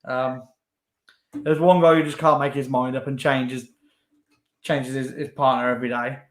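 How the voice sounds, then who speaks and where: A man's voice: medium pitch, level tone, normal speed. A young man, chatting casually as co-host with lots of fillers. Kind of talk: casual chat.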